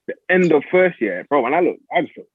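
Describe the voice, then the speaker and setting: A man's voice: on the high side, very animated, normal speed, breathy edge, no room sound, narrow, tinny audio. A young man, chatting casually with friends. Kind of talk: casual chat among friends.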